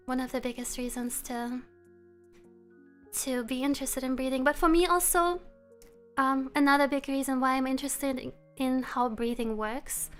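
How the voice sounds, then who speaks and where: A woman streamer chatting casually with her viewers. She is relaxed and laughs often. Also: high voice. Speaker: live streamer. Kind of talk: casual live-stream chat. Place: room at home.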